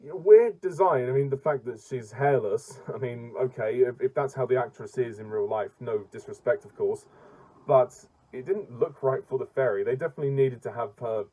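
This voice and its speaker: A man's voice: medium pitch, moderate pace, dark tone, poor audio. A man reviewing a film in a casual rant, blunt and exasperated, often stumbling and restarting his sentences.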